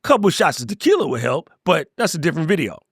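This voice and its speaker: A middle-aged man giving an energetic, conversational motivational talk to camera, with playful asides. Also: on the high side, fast talker, husky, dry recording, studio quality. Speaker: YouTube creator and coach.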